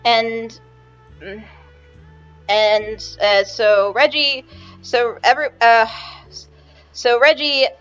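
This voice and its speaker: A woman runs a tabletop game, narrating in a chatty, halting way and restarting her sentences often. Her voice is slightly high. The recording is muffled and lo-fi, with faint music behind. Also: level tone, a bit bright, smooth. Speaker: game master.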